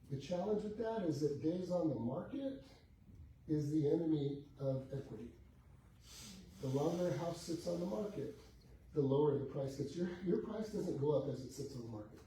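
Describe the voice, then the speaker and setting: A man's voice: on the high side, mellow. A man coaching a live group on selling houses, telling stories and acting out what clients said, with rhetorical questions. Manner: storytelling, acts out client dialogue, rhetorical questions. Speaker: real estate coach. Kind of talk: motivational talk to a live group. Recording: echoey room, heard from a distance, faint background noise.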